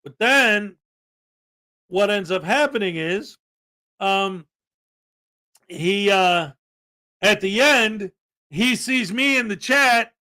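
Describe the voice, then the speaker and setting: A man's voice: high voice, lively intonation, takes it slowly, pauses often, pushed and bright. A man hosting a podcast, telling a rambling story in casual commentary and acting out what others said. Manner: rambling storyteller, laughs, acts out quotes. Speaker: podcast host.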